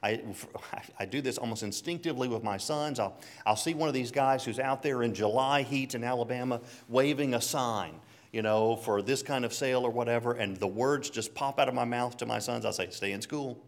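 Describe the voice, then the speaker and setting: A man's voice: medium pitch, brisk. A man preaching a conversational sermon, chuckling often and telling stories between scripture readings.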